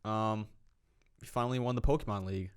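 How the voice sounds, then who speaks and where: A young man co-hosting a podcast in casual chat, teasing his friend with deadpan jokes and frequent laughs. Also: fairly low pitch, brisk, clean tone. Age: young adult. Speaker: podcast co-host.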